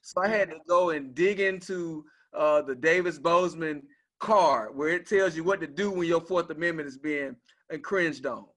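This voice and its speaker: A man's voice: fairly high pitch, moderate pace, a bit bright. A man speaking on a discussion panel as a father, telling a personal story in an earnest, conversational way.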